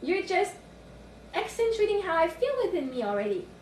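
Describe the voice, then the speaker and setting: A woman life coach on a livestream from home, thinking aloud with sudden excited outbursts and cooing at her puppy. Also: extremely high pitch, normal speed, reverberant, distant mic, slight background noise. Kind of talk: livestream self-reflection. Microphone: phone.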